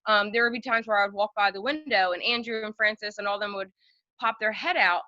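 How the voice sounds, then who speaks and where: A woman's voice: mid-range voice, fairly even intonation, fairly quick, bright, forceful tone, no echo, lo-fi sound. A woman in her thirties, a podcast guest chatting and telling long stories with fillers and laughs. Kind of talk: casual storytelling chat.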